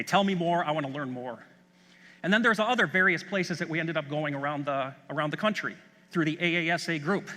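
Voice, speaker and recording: A middle-aged man from Chicago gives an eager, anecdote-filled keynote at a conference. His voice sits high for a man and comes across sharp and forceful. A long hall reverb trails behind every phrase. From Chicago, USA. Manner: enthusiastic anecdotal storytelling. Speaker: school superintendent.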